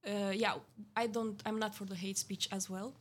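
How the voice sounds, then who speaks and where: Husky-voiced woman, thoughtful and halting. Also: medium pitch, little pitch movement. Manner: thoughtful, hesitant, many fillers. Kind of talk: casual podcast chat.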